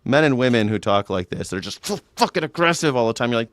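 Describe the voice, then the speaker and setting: A man's voice: mid-range voice, animated, fast, few pauses, no echo. A man hosting a live news reaction show, talking in a blunt, mocking, casual way and swearing freely.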